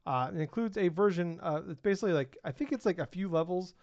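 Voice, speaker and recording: A man's voice: high voice, lively intonation, fast talker, a little mellow, no room sound. A man co-hosting a podcast in casual chat, running through news items with lots of ums and uhs. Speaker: podcast co-host. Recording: dull, lo-fi and very dry.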